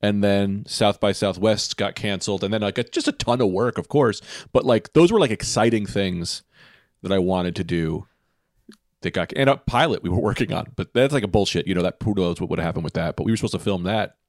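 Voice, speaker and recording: Rambling comedian man, low dry voice. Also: brisk, dry recording. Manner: rambling, animated storytelling. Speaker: comedian guest. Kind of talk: casual podcast chat.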